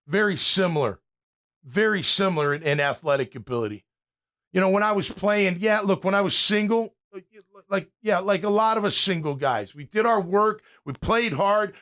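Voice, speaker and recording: A man's voice: high-pitched, a bit bright. A man in his fifties, a former pro player hosting a sports talk show, ranting in a fired-up way and often restarting his sentences. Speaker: podcast host and former pro linebacker.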